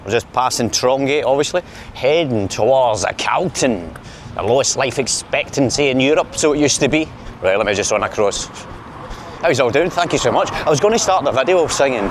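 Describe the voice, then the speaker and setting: Out on the city streets with a handheld camera pointed at himself, a Glaswegian vlogger chats briskly and jokes around for his viewers. His voice sits in the mid range with lively intonation, and slight noise can be heard.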